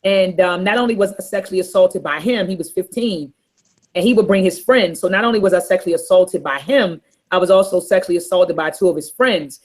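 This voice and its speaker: A woman's voice: fairly low pitch, a little fast. Earnest middle-aged woman sharing candidly. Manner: candid, earnest, softly emotional. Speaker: panel host. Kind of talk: personal storytelling in panel chat.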